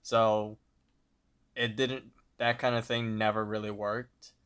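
A man's voice: lowish voice, smooth. A young man co-hosting a podcast, casually retelling a cartoon episode and briefly imitating the characters. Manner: relaxed, retells scenes with quick character voices. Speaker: podcast co-host.

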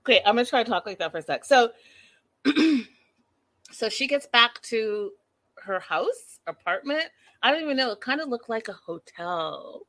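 A woman's voice: fairly high pitch, expressive, normal speed, long pauses, a bit bright, dry recording. A woman recapping reality TV in a casual, gossipy chat, talking straight to her viewers and laughing often.

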